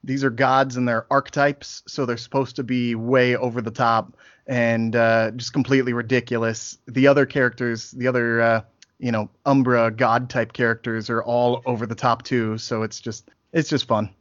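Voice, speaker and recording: A man's voice: medium pitch, little pitch movement, moderate pace, a bit bright, no room sound. Chatty man, dry muffled audio. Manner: upbeat, chatty, restarts phrases. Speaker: podcast guest, author and audiobook narrator. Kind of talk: casual podcast chat.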